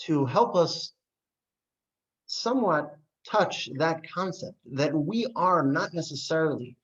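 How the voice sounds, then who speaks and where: A man, a rabbi, teaching an adult class, asking rhetorical questions and telling stories with lively voices. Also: fairly high pitch. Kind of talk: adult education lesson. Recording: dull lo-fi recording.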